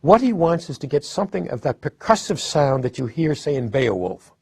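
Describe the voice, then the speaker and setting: A male literary scholar lectures thoughtfully on a poet's life and work, often restarting sentences, hesitating, and leaning on stressed words. His voice is on the high side, very animated and brisk, with a creaky, husky, darkish tone. There's no room sound in the recording.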